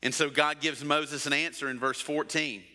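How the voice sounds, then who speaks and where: Casting note: middle-aged male preacher, bright ringing voice, a little higher than most, long church-hall reverb. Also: fairly even intonation, moderate pace. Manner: preaching with rhetorical questions and acted-out quotes. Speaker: pastor. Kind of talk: sermon.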